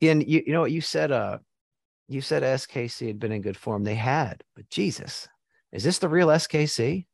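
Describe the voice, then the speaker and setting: An American man hosts a loose sports conversation, blunt and quick to swear and joke. His voice sits at an ordinary middle pitch. The sound is close and dry, with no room around it. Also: expressive, creaky, darkish tone, dry recording. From United States. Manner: blunt, profane, joking. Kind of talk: casual sports chat.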